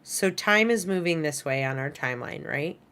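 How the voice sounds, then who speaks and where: A woman with a low voice walks her students through an animation lesson while working at her computer. She talks casually, fills her sentences with "right?" and "kind of", and corrects herself mid-thought. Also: lively intonation, moderate pace, a bit bright. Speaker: animation instructor. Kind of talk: recorded class lecture. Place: screen-share lesson at a computer. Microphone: headset or desk mic she adjusts.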